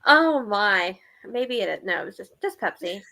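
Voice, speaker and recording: A woman's voice: medium pitch, gravelly, sharp tone. Giggly chatty woman hosting a book club. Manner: giggly, chatty, lots of fillers. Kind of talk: casual livestream chat.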